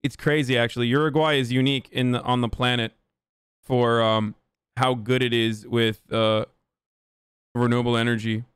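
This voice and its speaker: A man's voice: mid-range voice, flat delivery, normal speed, smooth, no echo, studio quality. Male streamer, profane and ranting, clean resonant voice with no room sound. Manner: reads viewer chat aloud and answers it. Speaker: livestreamer. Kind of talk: livestream rant and chat replies.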